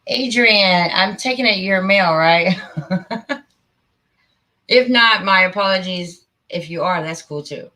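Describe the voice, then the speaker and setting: A woman's voice: mid-range voice, slow pace, long pauses, sharp tone. A woman hosting a casual live stream, chatty and a bit flustered as she fiddles with her settings. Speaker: livestream host.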